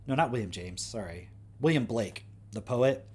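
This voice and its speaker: A man's voice: medium pitch, animated, normal speed, darkish tone, slightly rough. A young man hosting a livestream, talking in a casual, rambling way with lots of fillers and self-corrections. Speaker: livestream host.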